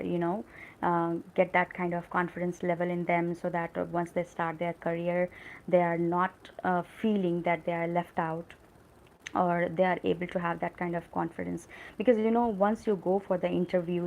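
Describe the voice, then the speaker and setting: A woman's voice: lowish voice, a little mellow, poor audio. A woman with an Indian English accent, hosting a live English lesson and talking in a chatty, encouraging way with many fillers. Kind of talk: casual live-stream talk.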